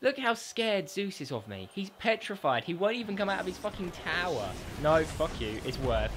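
Excitable sweary man gaming. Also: on the high side, normal speed, slight background noise. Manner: excitable, sweary, trash-talking. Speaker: gaming YouTuber. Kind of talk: gameplay commentary.

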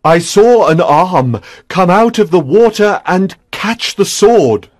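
A man voicing a loyal, anxious young knight who speaks slowly and earnestly. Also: high-pitched, expressive, no echo, clean studio sound, full character voice.

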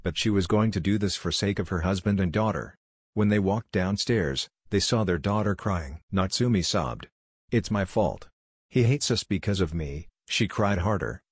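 A man narrates the story in a low, slightly husky voice. The sound is dry and close, with no room around it. He keeps an even, steady reading pace throughout. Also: moderate pace, dry recording. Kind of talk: scripted narration of a fan fiction story.

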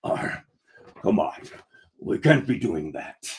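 A man voicing a gruff pirate who has gone soft, growling "ar" in a low, hushed pirate drawl. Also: huge pitch swings, slow, exaggerated voice. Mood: fretful.

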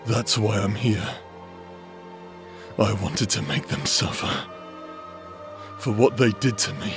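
A man voicing a tormented young man possessed by a sword, speaking in halting, broken-up bursts in an audio drama role-play with music behind. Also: fairly low pitch, steady tone. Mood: bitter. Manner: haunted, halting, broken-up speech.

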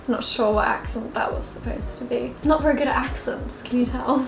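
In an echoey kitchen with lofi music in the background, a young woman chats casually for her vlog, teasing herself, laughing and addressing her cat. She speaks quickly in a high-pitched, gravelly voice.

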